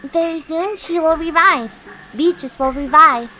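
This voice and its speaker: A woman voicing an eerie little girl devoted to a witch, speaking in a calm, insistent, unsettling way while reading a visual novel. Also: very high-pitched, a little slow, a little hiss or hum, pitched above the performer's own voice, heavily acted, rough recording.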